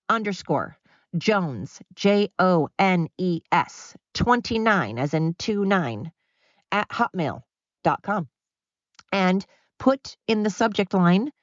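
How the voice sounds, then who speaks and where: A woman's voice: fairly low pitch, no echo. A woman hosting a solo podcast, rambling and ranting with lots of fillers. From United States. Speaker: podcast host. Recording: dull, dry, lo-fi.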